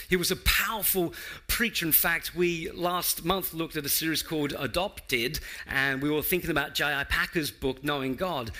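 A man's voice: fairly high pitch, pushed and bright. A man preaching a sermon to his church, reading scripture, praying and addressing the congregation with rhetorical questions. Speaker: preaching pastor.

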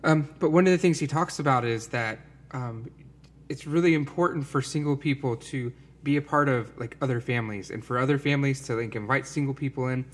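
A man's voice: medium pitch, a little fast. A man talking earnestly and rambling a little, full of fillers, in a casual conversation about faith.

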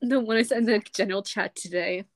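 A woman's voice: mid-range voice, fast talker, dry recording. A young woman co-hosting a casual book-club podcast, giggling between phrases. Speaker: podcast co-host.

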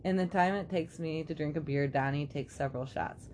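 A woman's voice: low-pitched, fairly quick, darkish tone, a little hiss or hum. A woman co-hosting a podcast, chatting casually, laughing often and reading listener stories aloud. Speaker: podcast co-host.

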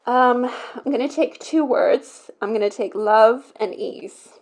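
A woman's voice: on the high side, measured pace. A woman co-hosting a podcast in casual chat, open and chatty with lots of filler words. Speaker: podcast co-host.

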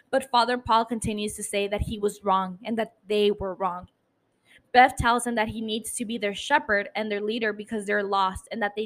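A woman's voice: mid-range voice, poor audio. A woman hosting a podcast from her apartment, casually recapping an episode and swearing freely as she talks into a mic. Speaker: podcast host. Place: home apartment. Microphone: studio mic.

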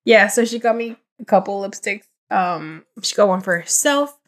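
A woman's voice: mid-range voice, animated, normal speed. A young woman co-hosting a podcast, telling a rambling story in casual chat, full of fillers and acted-out quotes. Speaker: podcast co-host.

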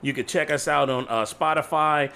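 A man co-hosting a podcast, rambling through hyped shout-outs in loose slang. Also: on the high side, fairly even intonation, moderate pace, creaky. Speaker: podcast co-host. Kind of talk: casual podcast sign-off.

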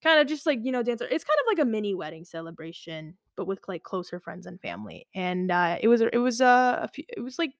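A woman's voice: mid-range voice, lively intonation, fast, few pauses, dry recording, clean studio sound. A woman in her twenties telling a personal story as a podcast host, casual and rambling, full of "like" and "you know". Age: 20s. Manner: rambling, filler-heavy, lots of "like".

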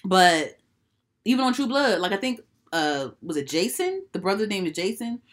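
A woman's voice: mid-range voice, sing-song, normal speed. A woman, co-hosting a podcast in easy, casual chat. Her voice swings widely and animatedly as she talks, swearing freely and drawing out words for emphasis. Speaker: podcast co-host.

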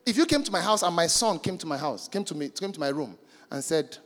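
A pastor preaches with emphasis and keeps calling out to his listeners. His voice sits high for a man. It rings through a reverberant church hall with soft music underneath. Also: animated, fast. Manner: emphatic, calls out to the congregation. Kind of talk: sermon.

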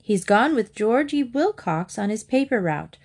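A woman voicing an exasperated mother who hurries her children along in a sharp, hurried voice. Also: fairly high pitch, sing-song, voice pushed up, heavily acted. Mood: brisk.

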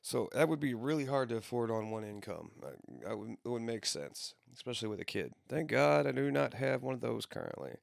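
A man's voice: mid-range voice, very animated, brisk, creaky, hardly any pauses, no echo, studio quality. A man in his thirties rambling through casual, profane stories with frequent restarts. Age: 30s.

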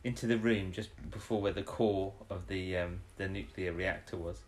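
A man's voice: sits low, fairly even intonation, moderate pace, a little mellow. A man co-hosting a casual chat, rambling as he recaps an episode and acts out the characters' lines. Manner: rambling, retells scenes with quoted voices. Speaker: podcast co-host.

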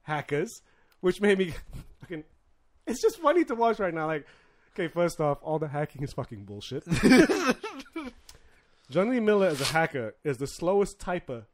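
A man's voice: on the high side, huge pitch swings, moderate pace, pauses often. A man telling stories in casual chat, swearing a lot and laughing through his lines.

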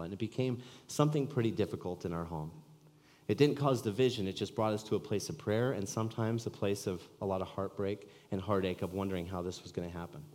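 Lower-voiced male pastor in reverberant hall. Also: darkish tone. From California. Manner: earnest conversational storytelling preaching. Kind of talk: sermon. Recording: long reverb of a church hall.

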